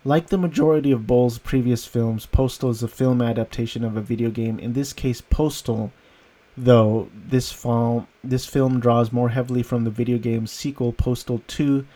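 A man's voice: mid-range voice, fairly even intonation, normal speed, dark tone. A man giving a casual, rambling movie review, amused and often breaking into laughter. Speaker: film reviewer.

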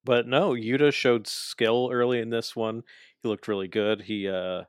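A man's voice: mid-range voice, fairly even intonation, a little slow, smooth, no room sound, clean studio sound. A man casually recapping wrestling matches with a co-host, telling the action with enthusiasm and acting out the wrestlers' lines. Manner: frequent fillers and restarts.

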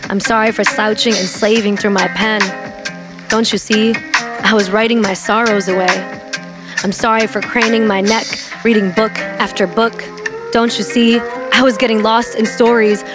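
A woman poet reciting a spoken word poem in a slow, measured way. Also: on the high side. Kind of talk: spoken word poetry over an instrumental. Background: guitar instrumental.

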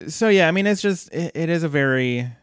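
A man hosting a podcast, casually retelling a cartoon episode at length in a relaxed storytelling manner. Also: fairly high pitch, quick pace, clear, resonant tone, dry recording, studio quality. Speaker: podcast host.

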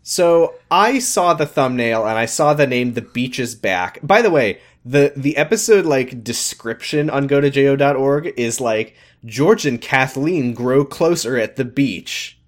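A man co-hosting a podcast, recapping a TV episode in casual chat, animated and swearing freely as he reads out quoted lines. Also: medium pitch, unhurried, hardly any pauses. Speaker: podcast co-host.

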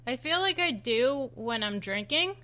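A woman from New Jersey co-hosts a podcast in easy, casual chat. Her voice is very high and bright, and she giggles often as she teases. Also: expressive, unhurried. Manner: giggly, playful. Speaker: podcast co-host.

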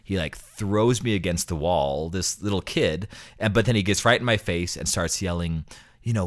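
A deep-voiced man in his thirties chats casually about his experiences as a priest. He rambles a little, restarting sentences and repeating words as he goes. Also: a little fast, fairly bright tone. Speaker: priest co-host. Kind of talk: casual storytelling chat.

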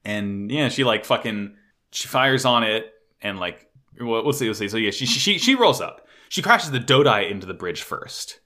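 A man excitedly recapping an anime episode in casual chat, swearing often and gushing like a fan. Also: lowish voice, normal speed.

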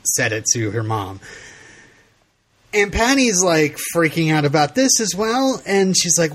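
A man's voice: sits high, big pitch swings, a little slow, long pauses, a bit bright. A middle-aged man co-hosting a casual podcast, laughing often and retelling scenes with quoted voices. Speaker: podcast co-host. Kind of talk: casual chat.

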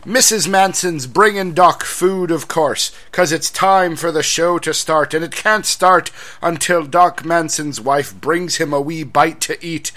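A man putting on an exaggerated, cheery comic Irish character with a high sing-song brogue. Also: measured pace, bright, forceful tone. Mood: jolly. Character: comic stereotyped Irishman named Patio Furniture, cheery.

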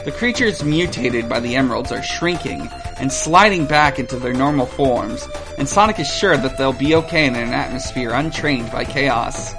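A man's voice: medium pitch, lively intonation, normal speed, hardly any pauses, music in the background. A man hosting a casual read-through of a gamebook with wry asides. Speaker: host reading a gamebook. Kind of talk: casual reading aloud and chat.

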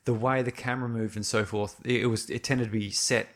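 A man's voice: medium pitch, fairly even intonation. Man thoughtfully picking his words. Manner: thoughtful, searching for words, halting repeats. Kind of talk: casual film discussion.

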